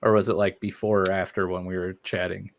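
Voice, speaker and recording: A man hosting a podcast, reading listener comments in a relaxed way with many fillers. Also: low voice, fairly quick, gravelly, a little hiss or hum. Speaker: podcast host. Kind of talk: casual podcast chat.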